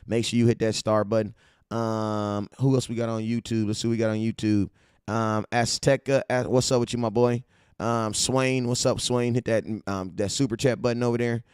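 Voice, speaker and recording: A man from California hosting a casual fan-show livestream, hyped and slangy as he shouts out his viewers. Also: medium pitch, flat delivery, normal speed, clear, resonant tone, no echo, studio quality. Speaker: livestream host.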